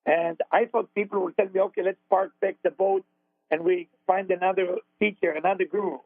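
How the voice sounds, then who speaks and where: A high-voiced man with an Israeli accent speaks earnestly, often repeating his words as he tells his story. His voice comes over a narrow, phone-like band with a dry, close sound. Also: fairly even intonation, fairly quick, no room sound. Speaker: radio show host, spiritual teacher. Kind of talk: conversational storytelling on talk radio. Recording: dry phone-like radio audio.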